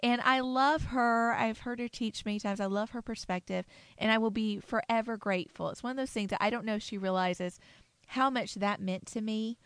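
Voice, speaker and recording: A woman's voice: on the high side, steady tone, normal speed, clear, resonant tone, dry recording. A middle-aged woman, a pastor's wife, chatting casually about ministry books and laughing easily as she tells stories. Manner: warm storytelling, laughs easily. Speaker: pastor's wife, podcast co-host.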